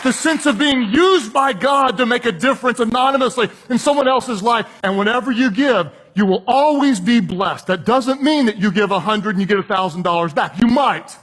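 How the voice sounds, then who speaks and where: A high-voiced male preacher relates a personal story in a relaxed, conversational way. He acts out the voices of the people he quotes as he builds toward his point. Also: moderate pace, hardly any pauses. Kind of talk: sermon illustration.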